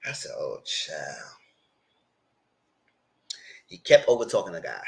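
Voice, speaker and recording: A man's voice: low-pitched, very animated, very fast, creaky. A man hosting a reality TV recap, retelling scenes in a loose, rambling way with quoted asides. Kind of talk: casual recap commentary.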